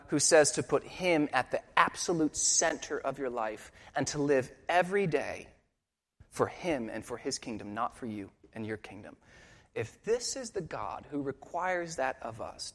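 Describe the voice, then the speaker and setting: A man pastor preaching a sermon with earnest intensity, dropping quiet and rising for emphasis. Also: medium pitch, big-room sound.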